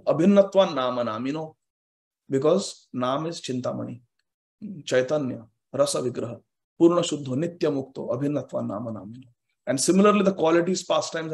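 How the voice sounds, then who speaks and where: A man's voice: a little high, a little mellow. A man giving a scripture class who speaks emphatically, repeats phrases for stress and chants Sanskrit verses. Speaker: scripture teacher.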